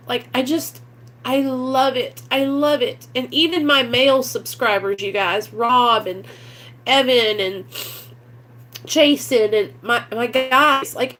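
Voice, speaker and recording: A woman's voice: fairly high pitch, a bit bright. A woman vlogging in a casual, emotional chat to camera, close to tears, gushing and rambling with many fillers, with a Midwestern American accent. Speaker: vlogger in recovery.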